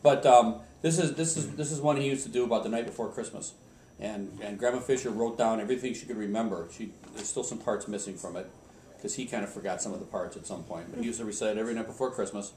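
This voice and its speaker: A middle-aged man telling his family an old Christmas story in a relaxed, rambling, self-deprecating way. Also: fairly low pitch, fast talker, slight background noise. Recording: roomy home recording from a distance.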